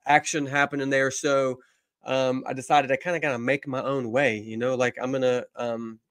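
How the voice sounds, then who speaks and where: A man's voice: mid-range voice, little pitch movement, normal speed, fairly bright tone, no echo, clean studio sound. A man with an East Tennessee accent, a comedian guest chatting in a rambling, self-deprecating way. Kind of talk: casual interview chat.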